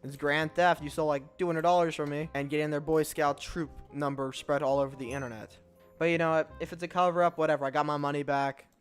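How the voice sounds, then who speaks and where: A man's voice: fairly high pitch, fairly even intonation, fast, soft background music. A young man casually telling a personal story over gameplay, chatty and sarcastic, often restarting words and acting out what people said. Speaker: storytelling gaming channel host.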